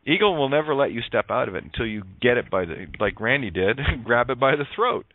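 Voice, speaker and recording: Male radio host, preachy and sarcastic, swears, animated voice on a dry phone line. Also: medium pitch, brisk, few pauses, no room sound. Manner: emphatic, sarcastic, preachy, swears, plays on words. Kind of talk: spiritual monologue on a talk radio show.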